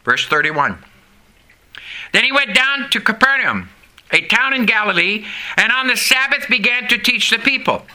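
High, bright-voiced male preacher. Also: big pitch swings. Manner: preaching with call-and-response, dramatic pauses and drops in pitch. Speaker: pastor. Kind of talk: sermon.

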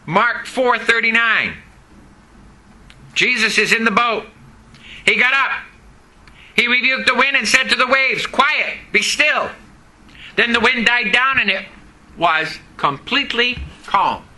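Preacher, male, very high and piercing voice, emphatic, quizzes the congregation. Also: slow pace, pauses often, low-quality recording. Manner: emphatic, questions the congregation, rises to shouting. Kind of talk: sermon. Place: church service.

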